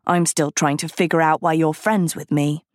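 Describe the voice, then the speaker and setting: A woman reading an audiobook, voicing a gruff, bitter teenage girl with curt, grumpy replies. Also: low voice, flat delivery, moderate pace, dry recording, clean studio sound, lightly acted. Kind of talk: audiobook character voice.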